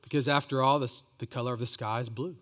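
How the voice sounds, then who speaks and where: A man's voice: mid-range voice, steady tone, fast, a bit bright. A man preaching a sermon as pastor, earnest and often repeating words as he builds each point.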